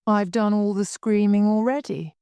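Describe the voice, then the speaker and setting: A woman voicing a fussy, scatterbrained old queen who talks in a high, fluttery way and breaks into wailing cries. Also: fairly even intonation, moderate pace, mellow, smooth, no echo, lightly acted.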